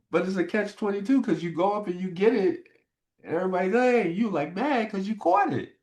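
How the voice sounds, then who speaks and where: A middle-aged man, a former football player, telling stories in a casual interview and getting animated as he recalls his frustrations. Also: fairly quick. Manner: animated, jumps high in pitch when retelling frustration.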